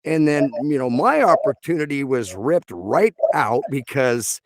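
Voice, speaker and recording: A man's voice: mid-range voice, big pitch swings, measured pace, no room sound. A man who works as a voice actor, chatting casually in an interview in a rambling way, full of fillers. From Texas. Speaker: voice actor guest.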